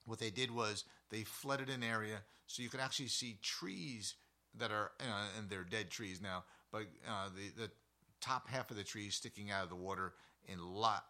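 A man who hosts an outdoor show, telling a story in a casual, animated, rambling way full of side remarks. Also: lowish voice.

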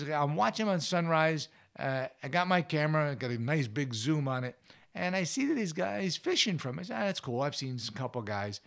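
A man's voice: a little high, gravelly. A man hosting an outdoor adventure show, telling stories in a chatty, rambling way. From United States. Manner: chatty, animated, rambling with restarts. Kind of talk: casual storytelling monologue.

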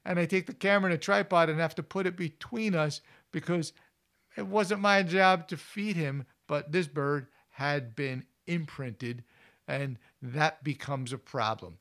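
A male outdoor show host, spinning wildlife stories in a loose, chatty way full of ums and asides. His voice sits fairly high for a man, and he tells each story as though chatting with friends. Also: measured pace, a bit bright. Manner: casual, rambling with fillers. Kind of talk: anecdotal storytelling.

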